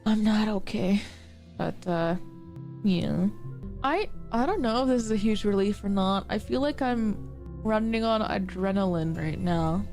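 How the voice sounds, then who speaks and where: A woman's voice: mid-range voice, a little slow, a little mellow, faint music behind. A woman in her twenties, crying as she talks to her stream chat, self-deprecating and joking through tears. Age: 20s. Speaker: livestreamer. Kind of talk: emotional livestream talk to chat.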